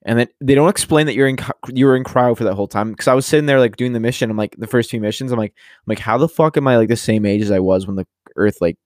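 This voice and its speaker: A man rambles quickly through a casual conversation, packing his talk with fillers and the odd curse. The sound is dry and close, with no room around it. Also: medium pitch, a little mellow, dry recording. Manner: rambling, heavy use of "like", profane. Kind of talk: casual chat about a video game.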